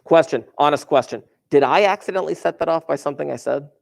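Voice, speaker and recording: A man teaching a high school math class, chatty and informal, who repeats key phrases to drive them home. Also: fast, gravelly. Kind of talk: recorded classroom math lesson.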